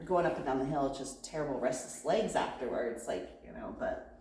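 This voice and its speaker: A woman's voice: very deep voice, expressive, brisk, a little mellow. Upbeat woman co-host in a roomy space. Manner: upbeat, reads viewer comments aloud. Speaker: farm vlog co-host. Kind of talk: casual Q&A chat. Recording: roomy echo.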